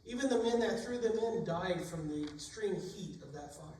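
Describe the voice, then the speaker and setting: A man with a fairly high voice delivers a sermon, retelling old stories in plain, everyday words. He sounds set back from the microphone in a very echoey church sanctuary, with a faint hum of room ambience behind him. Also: moderate pace, few pauses, darkish tone. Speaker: preacher. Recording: echoey room, distant mic.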